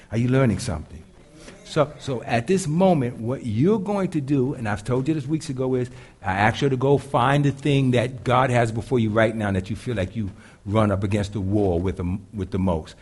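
Deep-voiced man preaching with lively swings. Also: breathy edge. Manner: dynamic preaching, swinging between loud and hushed. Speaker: pastor. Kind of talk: live sermon to a congregation.

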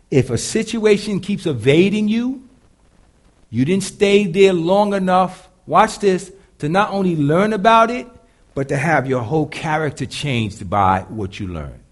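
A deep-voiced man preaches to a congregation, shifting between quiet, low stretches and loud, driving lines. His pitch moves freely and with a lot of animation. The delivery feels conversational and sure of itself. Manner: dynamic preaching, swinging between loud and hushed. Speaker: pastor. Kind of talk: live sermon to a congregation.

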